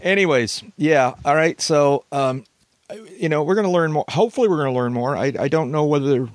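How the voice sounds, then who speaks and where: A man's voice: a little high, brisk, dry recording, clean studio sound. A man hosting a podcast, casually asking questions and steering the discussion. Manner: inquisitive, moderating. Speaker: podcast host. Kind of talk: casual chat.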